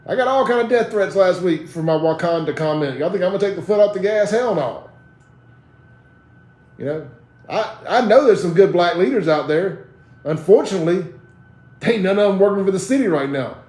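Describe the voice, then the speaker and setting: High-voiced, combative Mississippi man. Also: animated, a little fast, darkish tone, reverberant. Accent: Mississippi Southern. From Jackson, Mississippi, USA. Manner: blunt, combative, defiant. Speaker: host of a live social media talk show. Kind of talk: ranting live commentary.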